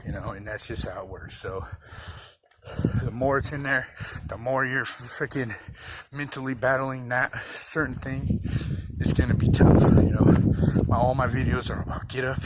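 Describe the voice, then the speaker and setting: Blunt, rambling man over loud noise. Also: medium pitch, fairly even intonation, normal speed. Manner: rambling, blunt, profane, reassuring. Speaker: recovery vlogger. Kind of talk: casual talk to camera.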